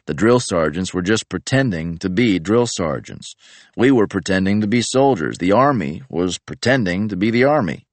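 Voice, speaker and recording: A man narrating an audiobook in a deadpan, matter-of-fact way. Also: low voice, normal speed, no room sound.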